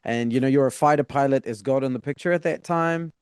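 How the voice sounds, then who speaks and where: A man hosting a podcast, asking questions in a relaxed, conversational way with some fillers. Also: mid-range voice, fast, clear, resonant tone, dry recording, studio quality. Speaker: podcast host. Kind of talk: casual interview.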